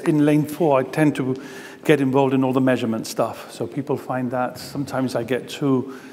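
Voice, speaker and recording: A man's voice: medium pitch, flat delivery, normal speed, darkish tone, slight background noise. A man with a Gibraltarian accent giving a chatty conference talk, with many ums. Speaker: conference speaker. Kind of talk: conference presentation. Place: conference hall. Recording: long hall reverb.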